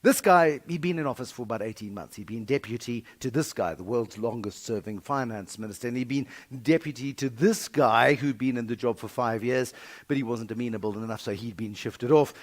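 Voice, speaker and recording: Wry South African keynote speaker. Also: male voice, mid-range voice, fairly quick. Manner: animated, wry, dramatic shifts in volume. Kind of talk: humorous keynote storytelling. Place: conference breakfast venue.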